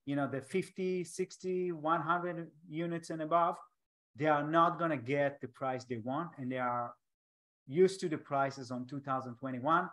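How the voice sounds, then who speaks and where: A podcast host, a man with an Israeli accent who speaks Hebrew natively, runs a casual interview over a video call. He talks haltingly, restarting often and using non-native grammar, in a voice that is on the high side and a bit bright.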